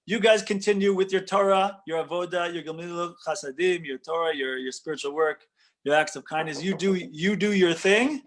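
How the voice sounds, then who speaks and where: A man's voice: high-pitched, fairly even intonation, normal speed, close to an everyday voice. A man playing a brash, commanding young conqueror king in a spoken story. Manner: blustering, then gracious.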